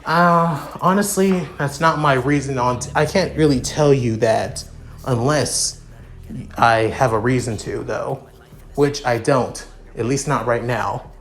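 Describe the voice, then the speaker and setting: A man voicing a cool, blunt young prince who talks in a dry, matter-of-fact, rushed way. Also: mid-range voice, a bit bright.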